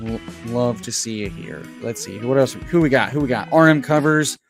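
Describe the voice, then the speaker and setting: A man's voice: mid-range voice, moderate pace, over music. Hyped, folksy man hosting a livestream. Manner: hyped and folksy, keeps calling people brother; bursts into loud shouted pep talk. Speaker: host. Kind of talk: casual livestream chat. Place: home.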